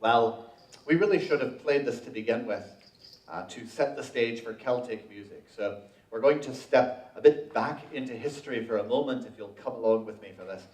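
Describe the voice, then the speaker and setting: A man's voice: medium pitch, moderate pace, a little mellow, distant mic. A man performing Celtic folk music who tells jokes and storytelling between songs, speaking to a live audience with dry humor. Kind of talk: live show banter and storytelling. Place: public library event room. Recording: echoey room from off-mic, dull.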